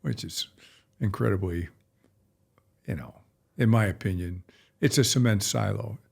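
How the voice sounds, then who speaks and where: Gravelly, rambling middle-aged man vet. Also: on the low side, moderate pace, a little mellow. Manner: rambling, folksy, blunt. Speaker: veterinarian. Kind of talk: casual podcast chat.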